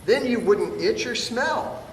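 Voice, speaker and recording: A man's voice: very high-pitched, lively intonation, slow pace, voice pushed up, exaggerated voice. A man reading aloud, voicing a big fluffy female bear who keeps insisting and nagging. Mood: insistent. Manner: raised, insistent storybook voice. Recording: distant, echoey room with noise.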